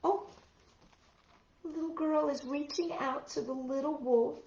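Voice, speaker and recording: In an echoey room, captured on a muffled recording, a woman with a high voice takes her time narrating a wordless picture book for children's storytime. She wonders aloud expressively and lets out soft gasps as she goes.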